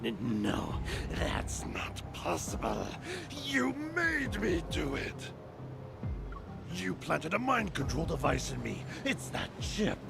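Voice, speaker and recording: A desperate man with a torn, hoarse voice pleads slowly, his words grinding and gravelly as they lurch up and down in pitch. Loud game music plays behind him. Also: huge pitch swings, exaggerated voice. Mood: pleading.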